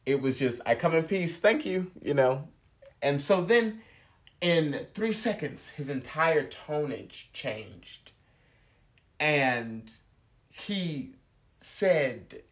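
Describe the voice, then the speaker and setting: Slow, halting man preaching gently. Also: mid-range voice. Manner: slow, halting, with restarts and soft laughs. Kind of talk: relaxed personal sermon.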